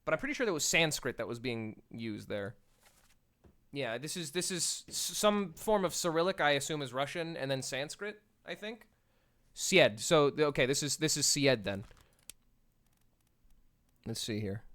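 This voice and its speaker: Smooth-voiced man musing through a game. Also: on the high side, lively intonation, normal speed, a bit bright, no echo. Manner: muses aloud to himself, playful, swears casually. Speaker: streamer playing a game. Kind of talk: casual game commentary.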